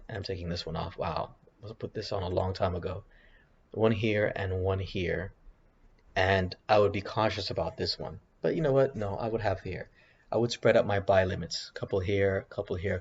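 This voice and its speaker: A man's voice: sits low, a little mellow, slightly rough, muffled recording. A tired, yawning man rambling and thinking aloud over his trading charts in casual commentary, often putting himself down. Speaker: options trading vlogger. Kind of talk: casual screen-share commentary.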